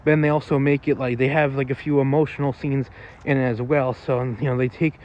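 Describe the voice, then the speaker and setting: A man's voice: mid-range voice, level tone, brisk, highs cut off. Rambling man giving a casual movie review. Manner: rambling, loose, with many fillers and casual swearing.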